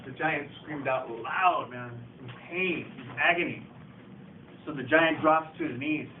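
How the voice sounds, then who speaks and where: A man's voice: a little high, unhurried. A man acting as storyteller, casually telling an oral folktale in a repetitive style and talking directly to his listeners. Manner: casual, repetitive "he goes" narration addressing listeners. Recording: distant echoey tinny recording with faint noise.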